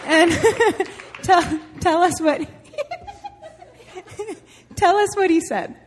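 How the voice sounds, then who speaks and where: A woman with a high voice shares an emotional testimony in a large church, breaking into laughter often. Her words ring out in an echoey hall with a long reverb tail. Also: drawn-out words, some chatter behind, a little hiss or hum. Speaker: church speaker and mother.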